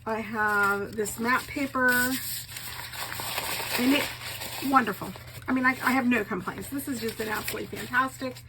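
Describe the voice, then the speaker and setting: A woman with a slightly raised pitch excitedly shows her craft work in a home video, repeating how wonderful and fantastic it all is. She is a bit choked up and coughs now and then. A steady hum of background noise sits under her voice. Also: moderate pace, pauses often. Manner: enthusiastic, gushing, repeats praise words. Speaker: craft vlogger, bookbinder. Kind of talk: casual show-and-tell.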